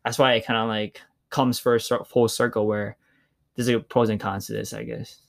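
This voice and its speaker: A man's voice: on the low side, little pitch movement, moderate pace, vocal fry. A man talking casually and reflectively, loose with filler words and the odd swear. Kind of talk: casual chat.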